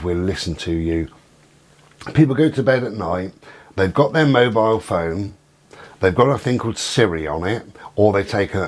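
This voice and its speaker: A man hosting his own channel, giving a rambling, conspiratorial monologue with many pauses and fillers. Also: deep voice. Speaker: channel host.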